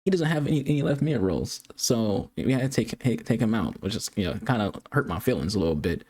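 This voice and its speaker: Man, gaming streamer, casual rambling commentary, fillers and restarts, slightly low voice. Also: expressive, fast talker, husky. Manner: trash-talking, taunting, swearing. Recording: loud game music behind the voice.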